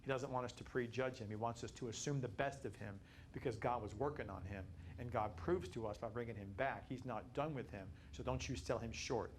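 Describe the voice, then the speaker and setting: A man teaching a Bible study class, animated and repetitive, building to emphatic peaks. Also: medium pitch, brisk, a little hiss or hum.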